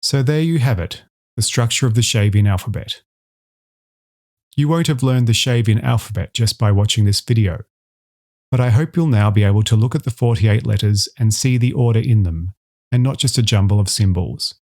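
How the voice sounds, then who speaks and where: A man with a fairly low voice narrates an educational voice-over. He speaks in a measured, scripted way and slows down to enunciate each example sound clearly. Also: a little mellow. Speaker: instructor.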